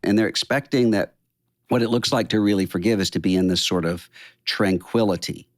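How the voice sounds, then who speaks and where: Male podcast host, low and dry-sounding, thoughtful and earnest interviewer. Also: brisk, no room sound. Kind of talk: reflective interview conversation.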